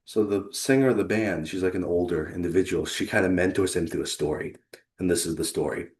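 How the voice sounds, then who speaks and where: Earnest man presenting, low voice. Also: darkish tone, roomy sound. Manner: earnest and conversational, with pauses for effect. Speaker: leadership consultant and presenter. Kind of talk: presentation to a remote audience.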